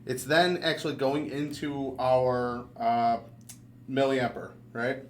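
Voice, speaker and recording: A man's voice: mid-range voice, slow, a little hiss or hum. A man at a hobby workbench, thinking aloud and swearing freely as he questions how a circuit works. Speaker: hobbyist learning electronics. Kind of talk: casual chat. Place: hackerspace workshop.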